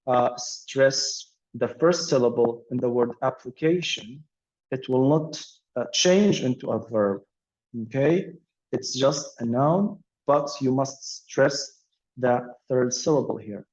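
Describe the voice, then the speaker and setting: In dull lo-fi audio, a man teaches English vocabulary and pronunciation with patience. His voice is mid-range and a bit mellow, and his explanation is full of fillers and repeated words.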